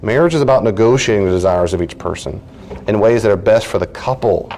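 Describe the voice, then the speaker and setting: A man, a counselor, teaching a marriage class in a lively, conversational way, breaking into quick acted-out bits of dialogue. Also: on the low side, a little hiss or hum. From United States. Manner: animated, acts out little dialogues in changed voices.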